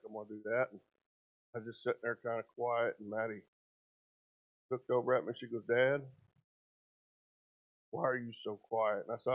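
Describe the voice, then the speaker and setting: Plain-spoken man, tinny audio. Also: mid-range voice. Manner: plain-spoken, halting storytelling. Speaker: father sharing testimony. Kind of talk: church testimony. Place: church.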